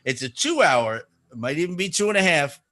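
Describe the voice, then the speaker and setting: A man's voice: on the high side, sing-song, brisk, bright, forceful tone. A man with a New Jersey accent hosting a casual radio chat, joking and rambling as he plugs an event. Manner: joking, rambling, self-interrupting. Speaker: radio show host.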